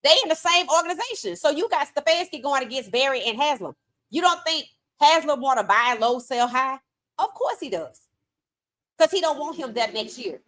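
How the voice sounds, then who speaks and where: Woman, sports podcast host, outspoken, casual live-stream talk, fairly high voice. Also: lively intonation, normal speed. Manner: outspoken, reads chat comments aloud.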